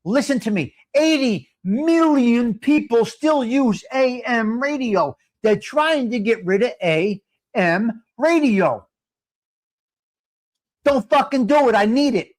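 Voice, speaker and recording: Brief: New man in his late fifties, high-pitched for a man, loud profane live-stream host who rants and addresses his viewers directly. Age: 50s. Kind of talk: casual chat to live chat viewers.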